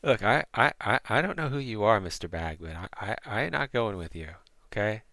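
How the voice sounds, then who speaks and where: A man's voice: fairly low pitch, expressive, fairly quick, vocal fry, sharp tone, no echo, exaggerated voice. A man voicing a startled, flustered male prisoner NPC in a tabletop game, yelping in alarm. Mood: wary.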